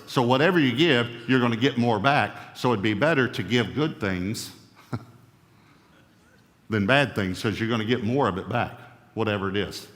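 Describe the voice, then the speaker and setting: A man preaching a sermon, emphatic, with a voice that swings up and down in pitch and loudness. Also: big-room sound. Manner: emphatic, rising and falling in pitch and volume. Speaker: pastor.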